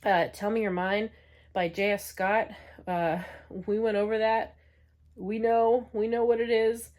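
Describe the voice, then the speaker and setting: A woman's voice: mid-range voice, little pitch movement, measured pace, darkish tone. A young adult woman chatting casually as a book vlogger, frank and exasperated, rambling with lots of filler words. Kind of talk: casual book review chat.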